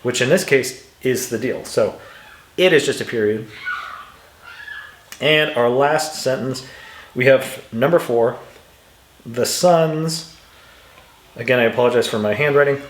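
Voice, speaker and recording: A man's voice: mid-range voice, reverberant. A man teaching English punctuation, walking through example sentences patiently and reading them aloud with exaggerated intonation. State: dry throat, clears it now and then. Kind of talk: instructional walkthrough.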